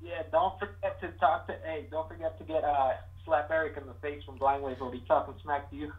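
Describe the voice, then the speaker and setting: A man calling in, talking quickly and casually like a buddy. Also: a little high, fairly even intonation, narrow, tinny audio. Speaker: caller. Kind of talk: casual phone call.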